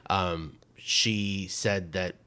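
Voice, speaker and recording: A man co-hosting a podcast, chatting casually and chiming in with quick agreement. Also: low-pitched, fairly even intonation, bright, forceful tone, clear, resonant tone. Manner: short agreeing interjections, laughs along. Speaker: podcast co-host. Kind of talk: casual chat.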